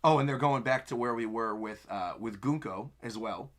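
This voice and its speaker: A young man reacting live to a manga chapter, narrating the panels and breaking into excited exclamations. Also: medium pitch, moderate pace. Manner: narrates panels while reading aloud. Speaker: anime streamer.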